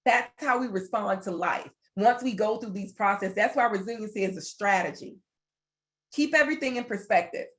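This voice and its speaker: A woman's voice: medium pitch, moderate pace. This is a woman presenting a workplace wellness session online. She talks through a computer mic in an earnest, encouraging tone. She builds her points by repeating phrases, one after another. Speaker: webinar presenter. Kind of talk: motivational webinar talk.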